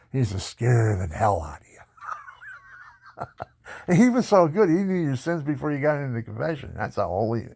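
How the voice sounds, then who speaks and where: Gravelly man telling his life story. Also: medium pitch, no room sound, clean studio sound. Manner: laughs often, animated and boastful. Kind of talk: personal storytelling testimony.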